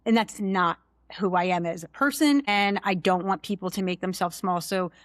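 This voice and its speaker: Candid woman guest, young adult, lower register, close dry studio mic. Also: moderate pace, no room sound. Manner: candid, animated storyteller. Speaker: guest, chief financial officer. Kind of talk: casual interview chat.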